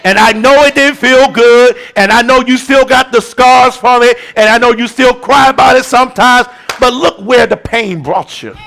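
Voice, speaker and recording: Gravelly, fiery preacher man. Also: extremely high pitch, moderate pace, few pauses. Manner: shouting, rhythmic preaching with colloquial asides. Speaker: bishop preaching. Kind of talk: sermon.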